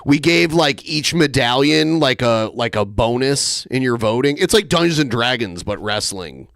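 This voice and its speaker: A man's voice: mid-range voice, expressive, moderate pace, vocal fry, a bit bright, no echo, studio quality. A man hosting a podcast in a casual, rambling chat full of fillers and hesitations. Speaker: podcast host.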